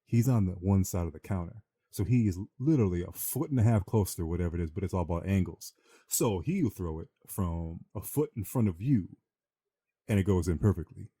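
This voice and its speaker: A man hosting a podcast, telling animated, slangy stories and acting out other people's voices. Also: sits low, fairly quick, slightly rough, dry recording, studio quality. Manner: animated, slangy storyteller who acts out voices. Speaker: podcast host. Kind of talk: casual storytelling chat.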